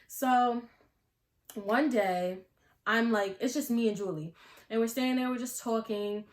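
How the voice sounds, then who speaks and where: A woman's voice: fairly high pitch, measured pace. A young woman vlogger telling a story in a casual, slangy way, filling her talk with "like". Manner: chatty, slangy, many "like" fillers. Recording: echoey room.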